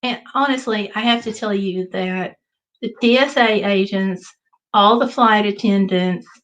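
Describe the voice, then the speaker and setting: A woman hosting a casual livestream, telling a travel story in an animated way and reading viewer comments aloud. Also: mid-range voice, dull audio. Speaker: livestream host. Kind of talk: casual live chat.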